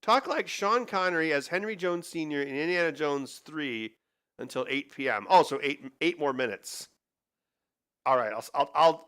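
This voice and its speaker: A man's voice: on the high side, normal speed, a bit bright, soft background music. A man streaming a game, casually reading out a viewer's donation and stammering a little as he answers. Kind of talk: casual live-stream chat.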